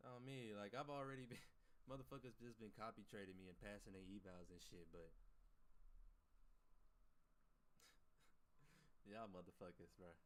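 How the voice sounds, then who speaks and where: Young male streamer, low-ish voice, loose and profane, addresses chat directly. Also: fairly even intonation, measured pace, long pauses, a little hiss or hum. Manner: loose, profane slang, talks to chat, restarts often. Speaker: livestreamer and day trader. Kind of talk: casual livestream chat.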